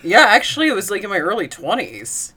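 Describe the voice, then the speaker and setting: Lively laughing woman co-host. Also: mid-range voice, brisk, breathy edge. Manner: playful, laughs often. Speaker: podcast co-host. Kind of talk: casual chat.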